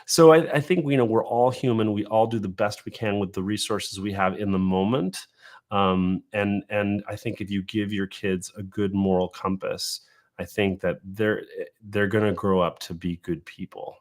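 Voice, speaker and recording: A man's voice: on the low side, fairly even intonation, normal speed. A man appearing as a guest on a podcast, talking earnestly and casually, repeating words as he gathers his thoughts and laughing easily. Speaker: interview guest, video creator. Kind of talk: casual conversational interview.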